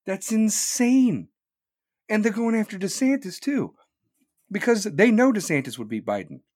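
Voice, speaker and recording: Brief: male podcast host on a live rant, swears freely, swings his pitch wildly, dry close sound. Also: sing-song, unhurried, a little mellow, no room sound. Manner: profane, heated, rhetorical questions.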